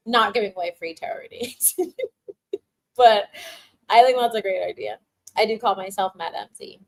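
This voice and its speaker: A young adult woman chats through a spiritual livestream, reading viewer comments aloud and offering tarot guidance. She laughs often and gushes with emotional encouragement, her voice sitting at an ordinary middle pitch. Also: normal speed, long pauses, rough recording.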